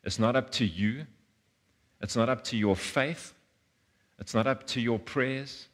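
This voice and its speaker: A man's voice: medium pitch, a little slow. A man, preaching a sermon in an earnest way, often repeating words and acting out voices. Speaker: pastor.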